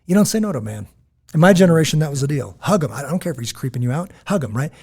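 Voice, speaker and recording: An American man co-hosting a podcast, chatting casually and telling stories, acting out quotes in lively voices. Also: a little high, racing, husky. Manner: animated storytelling, quotes others in lively voices. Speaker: podcast co-host. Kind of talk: casual chat.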